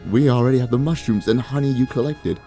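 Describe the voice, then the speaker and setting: A man voicing a cryptic, sly old female witch in game dialogue, speaking in a hushed, measured, teasing way. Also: medium pitch, faint music behind, close to an everyday voice. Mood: matter-of-fact.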